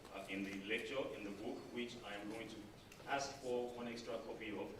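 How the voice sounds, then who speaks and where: A man's voice: on the low side, fairly even intonation, brisk. A man giving a polite, deferential thank-you speech, addressing the honoree as sir. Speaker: staff member giving thanks. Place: large echoey lecture hall. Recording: echoey hall, distant mic, noticeable noise.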